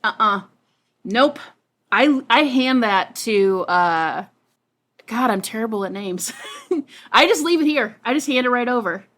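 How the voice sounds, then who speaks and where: A woman's voice: fairly high pitch, animated, a little slow, long pauses, a bit bright. A woman playing in a tabletop game, chatting through her character's choices. She talks casually, hesitates with likes and ums, and pokes fun at herself. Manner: casual, hesitant, self-deprecating. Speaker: player. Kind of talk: tabletop role-play chat.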